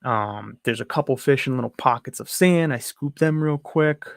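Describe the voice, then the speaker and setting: Man, young, gravelly, mid pitch, casual vlog storytelling, dry room. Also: normal speed, no room sound. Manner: rambling, restarts, frustrated retelling. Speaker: aquarium hobby vlogger. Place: home room.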